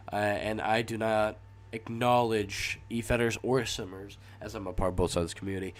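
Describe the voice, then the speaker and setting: A young man hosting a casual solo podcast, sounding stuffy from a cold and rambling with frequent hesitations and restarts. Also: on the low side. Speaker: podcast host.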